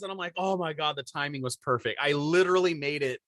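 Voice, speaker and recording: An animated man in his forties tells a story with a bright, forceful edge and a slightly raised pitch. The sound is dry and close, with no room behind it. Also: fast, hardly any pauses, no echo. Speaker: podcast co-host. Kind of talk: casual storytelling chat.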